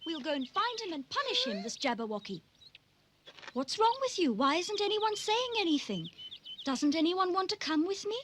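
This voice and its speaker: A woman's voice: very high-pitched, sing-song, normal speed, background noise. A woman voicing a brave, polite young girl in a cartoon dub, earnest and direct.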